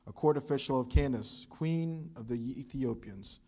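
A man preaching a sermon as pastor, telling stories in an animated way and acting out the quotes. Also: medium pitch, normal speed, husky. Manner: animated storytelling with acted quotes. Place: church.

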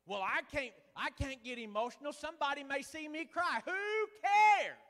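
A man preaching a sermon as pastor in a church, folksy and building to loud preaching with lots of "uh". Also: very high voice, expressive, moderate pace. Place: church sanctuary. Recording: church hall reverb.

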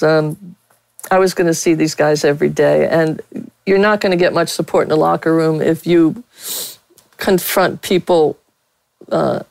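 Deep-voiced with vocal fry and a slightly mellow tone, this woman is heard in a dry recording of poor quality. A seasoned Pittsburgh sportswriter, she's a guest in a casual interview, sharing blunt stories laced with fillers and laughter.

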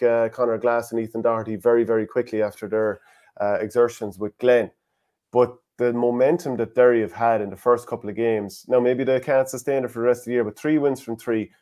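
A man's voice: medium pitch, warm tone. Opinionated Irish man hosting sports chat. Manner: opinionated, reads listener comments aloud. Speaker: podcast co-host.

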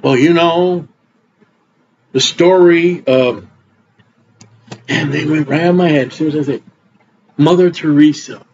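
A man's voice: fairly high pitch, steady tone, measured pace, pauses often, a little mellow, slight background noise. A middle-aged man preaching an informal, rambling sermon in a blunt, conversational way. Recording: dull lo-fi recording.

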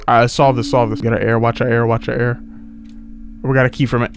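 A young man streaming a horror game, talking in slang, yelping and shouting whenever he gets scared. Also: mid-range voice, a little fast, long pauses, slight background noise. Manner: excitable, yelps and shouts when scared, slangy. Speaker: gaming streamer. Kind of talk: horror game let's play commentary. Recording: game music playing behind.

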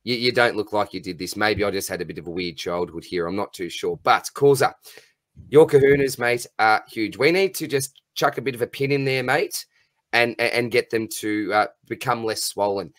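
A man's voice: on the low side, normal speed, fairly bright tone, no echo. A man hosting a casual podcast chat, jokey and laddish, calling everyone mate. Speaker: podcast host.

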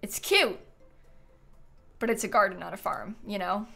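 A woman's voice: mid-range voice, a little slow, creaky, sharp tone, soft background music. A woman streaming a game, gushing and giggling in casual live commentary.

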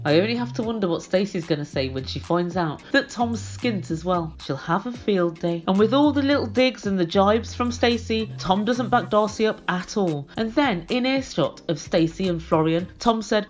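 A woman's voice: fairly high pitch, lively intonation, normal speed, few pauses, faint music behind. A woman with a British accent hosting a reality TV recap in blunt, scathing, exasperated solo commentary.

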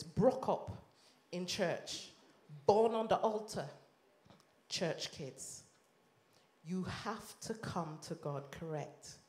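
A woman minister from Leeds with a Yorkshire accent, giving an impassioned sermon testimony that swings between loud and hushed. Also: mid-range voice. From Leeds, England. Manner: impassioned, rises and drops sharply in volume. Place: church or conference hall. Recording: echoey hall.

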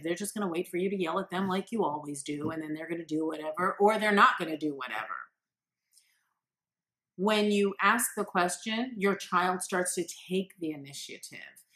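A woman with a somewhat low, slightly bright voice coaches parents in a direct-to-camera talk. Her advice is earnest and encouraging, and she acts out the quotes she gives.

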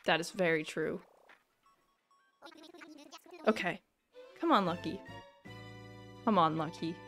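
Her voice on the low side and a bit bright, a woman talks at a slow pace while live-streaming a game, with faint music behind her. She chats casually with viewers and keeps reacting with self-deprecating exclamations.

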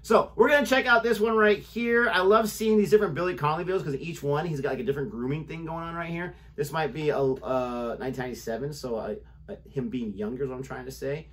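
A man's voice: a little high, fast, fairly bright tone. A man co-hosting a reaction video in casual chat, teasing his co-host with playful asides.

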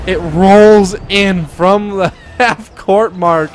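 A man giving excitable commentary over his own gameplay, shouting and laughing at near misses and goals. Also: sits high, slow, faint music behind, a faint crowd. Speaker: gaming YouTuber.

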